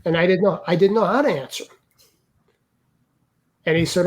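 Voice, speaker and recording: An older man, an interview guest, earnestly recounting a personal experience in a halting way with many restarts. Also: high voice. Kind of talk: personal storytelling.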